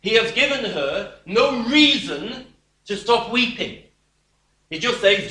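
Slow, high-voiced preacher in an echoey room. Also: male voice, lively intonation. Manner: slow, emphatic preaching with sudden drops to a quiet voice. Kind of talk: sermon.

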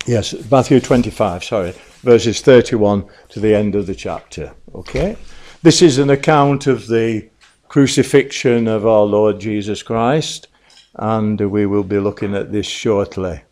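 A man preaching a sermon, apologetic and flustered over his references, then reading scripture in a measured, solemn tone. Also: on the low side, a little mellow.

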